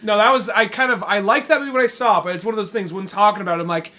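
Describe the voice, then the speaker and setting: A man's voice: sits high, very fast, pushed and bright. A man co-hosting a podcast, chiming in about movies with loose, joking, profane remarks. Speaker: podcast co-host. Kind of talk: casual movie review chat.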